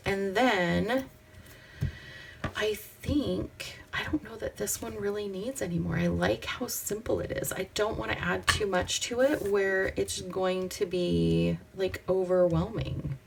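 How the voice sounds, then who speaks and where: A woman's voice: medium pitch, vocal fry, slight background noise. A woman hosting a crafting vlog, chatting to herself and her viewers as she works, sometimes dropping to a whisper. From Pacific Northwest. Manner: chatty, talks to herself while working, drops to soft whispers. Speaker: crafting channel host. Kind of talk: casual crafting vlog chat.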